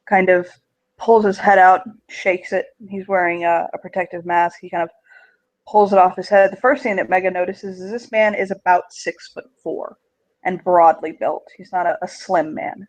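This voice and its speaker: A game master narrating a tabletop game at a middling pitch. The descriptions come in halting bursts with frequent fillers. The tone stays conversational. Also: steady tone, lo-fi sound.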